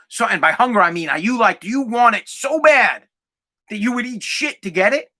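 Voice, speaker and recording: Man, 40s, solo podcast host; high, piercing voice, emphatic and foul-mouthed. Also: expressive, fairly quick, pushed and bright. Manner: emphatic, profane and fired-up.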